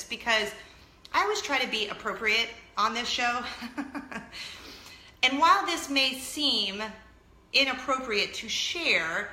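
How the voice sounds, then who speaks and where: A woman in her thirties hosting a casual talk show to camera, telling stories in an animated way and laughing often. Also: a little high, roomy sound. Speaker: vlog host.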